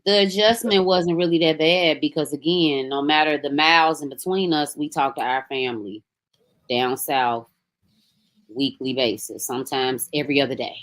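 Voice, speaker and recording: A woman from Memphis with a Southern accent, a podcast guest telling her story in a relaxed, conversational way. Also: sits low, normal speed. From Memphis, Tennessee. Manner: relaxed, conversational, animated when quoting others. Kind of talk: casual storytelling interview.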